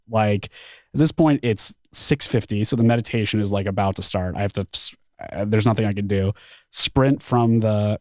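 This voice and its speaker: A man telling a story as a podcast guest, animated, often saying "like" and acting out his own thoughts. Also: fairly low pitch, gravelly, no room sound, studio quality. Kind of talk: casual storytelling.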